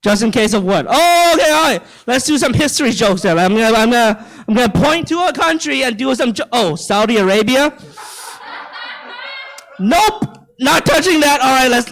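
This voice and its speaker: A man's voice: very high-pitched, a bit bright, low-quality recording. A young man from China doing live stand-up in a theater, ranting profanely and stammering over his words. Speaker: stand-up comedian. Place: theater stage.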